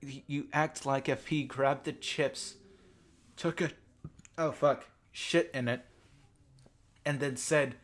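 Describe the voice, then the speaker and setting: A man's voice: mid-range voice, fairly even intonation, measured pace, pauses often. A young man from Texas, ranting casually and profanely as a YouTube commentator. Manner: rambling, profane, self-deprecating.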